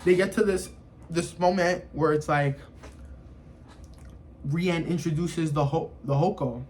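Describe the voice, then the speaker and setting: A man with a noticeably high voice talks through his review in a loose, chatty way. He keeps dropping "you know" and "like" as he animatedly retells what happens. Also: unhurried, darkish tone, a little hiss or hum. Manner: rambling, full of "you know" and "like". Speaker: anime reviewer. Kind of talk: casual video review.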